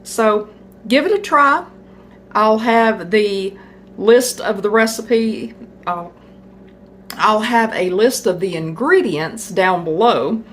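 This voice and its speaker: Middle-aged home-cook vlogger, folksy and chatty, unhurried delivery, faint noise behind. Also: female voice, medium pitch, lively intonation, a bit bright. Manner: chatty, folksy, tasting food on camera. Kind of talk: casual cooking vlog.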